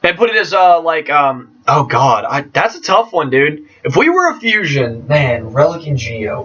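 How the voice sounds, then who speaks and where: A man answering viewer questions in a casual vlog, excitable and jokey, trailing off and restarting. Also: on the high side, moderate pace, few pauses, slightly rough. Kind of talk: casual chat. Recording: distant, dull lo-fi mic.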